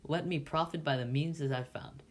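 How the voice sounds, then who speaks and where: A man voicing a desperate, rough-spoken escaped convict who talks with fierce scorn. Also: on the high side, fairly even intonation, a little fast, lightly acted.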